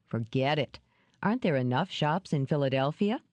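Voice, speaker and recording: A woman reading an audiobook, voicing a gruff, wary man who talks in curt, dry lines. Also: a little high, expressive, normal speed, darkish tone, no echo, close to an everyday voice.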